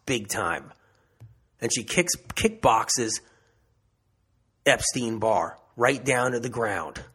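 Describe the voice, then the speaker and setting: A man's voice: medium pitch, fairly bright tone, slightly rough. A man giving an emphatic health monologue, repeating phrases for emphasis and restarting often. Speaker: health speaker. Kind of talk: impassioned monologue.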